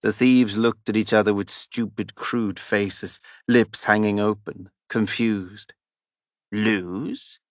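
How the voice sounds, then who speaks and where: A man narrating a fantasy audiobook in an even, measured reading. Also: on the low side, no echo, clean studio sound.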